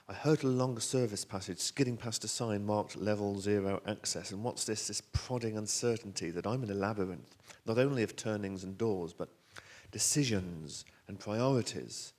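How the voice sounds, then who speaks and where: A southern English man reads his own novel aloud on stage, with a somewhat low voice. His storytelling is animated and wry, building tension while slipping in dry asides to the audience. The delivery is a lively live reading. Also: normal speed. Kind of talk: expressive reading of a novel excerpt. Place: theater stage at a bookstore event.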